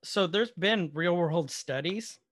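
A man's voice: high-pitched, slow, fairly bright tone, no room sound, studio quality. A man in casual podcast chat, retelling a show's scenes with quoted dialogue and some swearing. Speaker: podcast co-host. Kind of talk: casual chat recapping a show episode.

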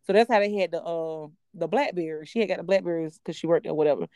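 A woman co-hosting a podcast, telling a personal story in a candid, profane and animated way. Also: on the low side, fast, smooth, no room sound, clean studio sound. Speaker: podcast co-host. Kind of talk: casual storytelling chat.

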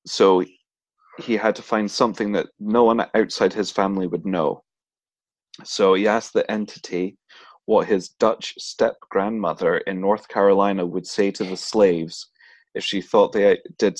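The voice is a man's, fairly low and recorded close and dry with almost no room sound. He co-hosts a podcast, telling a folklore tale in a loose, chatty way and breaking into laughter and jokey voices. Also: fairly even intonation, measured pace, dry recording. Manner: laughs often, acts out voices, swears casually. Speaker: podcast co-host. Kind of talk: casual storytelling chat.

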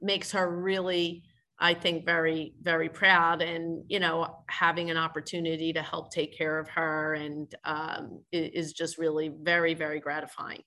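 A woman's voice: deep voice, little pitch movement, normal speed, pushed and bright. A woman being interviewed on a podcast, talking earnestly and reflectively, often restarting her sentences. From family from France. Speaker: podcast guest, business leader. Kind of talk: casual interview talk.

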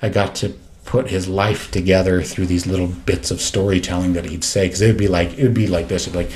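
A man who used to work in homeless services, telling stories in a casual, earnest and halting way. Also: deep voice, steady tone, darkish tone. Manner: earnest, halting, often restarts. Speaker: former homeless services worker. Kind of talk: casual storytelling.

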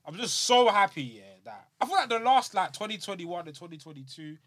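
A man, talking in a high, husky register. He chats about wrestling with friends in a slangy, excitable way. His voice has a bright, forward edge. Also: brisk. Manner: excitable, slangy, animated storytelling. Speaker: podcast co-host. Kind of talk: casual wrestling chat.

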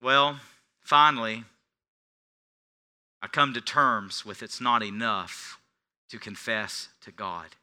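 Middle-aged guy preaching, really bright sharp voice, goes soft then loud. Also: fairly low pitch, takes it slowly, pauses often. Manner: swings from hushed confession to loud preaching. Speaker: pastor. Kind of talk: sermon.

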